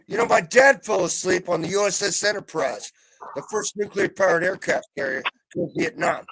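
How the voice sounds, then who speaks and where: A middle-aged man on a live video call, venting in a heavily profane rant that swings between calm and yelling. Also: sits high, moderate pace, gravelly, a little hiss or hum. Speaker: panel guest. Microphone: video call mic.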